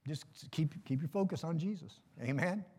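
A man's voice: on the high side, normal speed, darkish tone, husky, in a large hall. A middle-aged man preaching a sermon in a folksy, joking way, calling for amens. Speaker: pastor.

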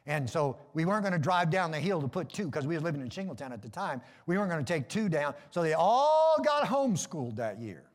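A man's voice: fairly high pitch, big pitch swings, fast, hardly any pauses, long reverb tail. A middle-aged man preaching a sermon in a folksy, joking way, calling for amens. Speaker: pastor.

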